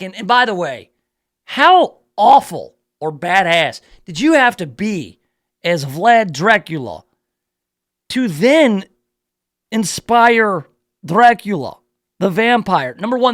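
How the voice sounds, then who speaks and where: A man's voice: high-pitched, a bit bright, dry recording. A male radio talk show host reading a news story aloud in a playful, riffing way, drawing out words for emphasis in his studio.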